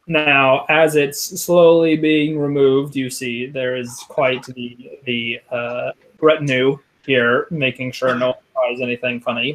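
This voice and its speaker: Man, game master, gravelly, halting narration, lots of ums. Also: medium pitch, fairly bright tone, low-quality recording. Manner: halting, many ums and restarts.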